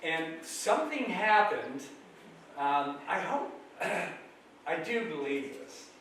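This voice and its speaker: A man giving a folksy public talk as the guest speaker, self-deprecating and relaxed. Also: fairly high pitch, slow. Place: school hall. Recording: echoey hall from far off, faint noise.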